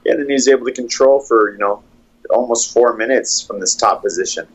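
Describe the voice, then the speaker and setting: Male fight coach, mid-pitched, calm analytical breakdown, muffled lo-fi sound. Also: brisk. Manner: steady, analytical play-by-play.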